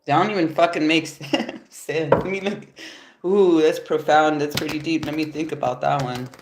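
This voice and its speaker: With a deep, fairly even voice at normal speed, a woman gives a casual tarot reading on a livestream, recorded by phone at home after yoga. Allergies make her sound stuffy and nasal, and she stays laid-back, swearing offhandedly and chuckling a lot.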